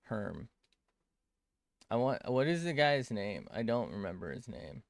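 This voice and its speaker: A man's voice: medium pitch, sing-song, normal speed, creaky, dry recording. A man chatting casually as an art streamer while drawing on a tablet, rambling, cutting himself off mid-sentence and swearing freely.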